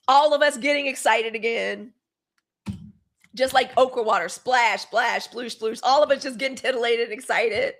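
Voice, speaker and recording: A woman's voice: a little high, moderate pace, fairly bright tone. A young woman from Mississippi, hosting a live show in casual, gossipy chat, cursing freely. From Mississippi, USA.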